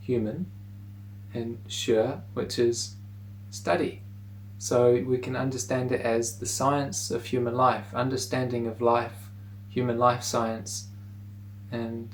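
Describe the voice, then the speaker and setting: A man teaching pronunciation in a relaxed video lesson, repeating words slowly for the listener to say along. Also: mid-range voice, slight background noise, low-quality recording.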